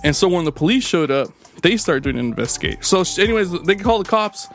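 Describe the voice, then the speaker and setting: A man's voice: high voice, very animated, quick pace, vocal fry, fairly bright tone, soft background music. A man co-hosting a casual podcast, telling rambling, profane stories packed with fillers. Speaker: podcast co-host. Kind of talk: casual storytelling chat.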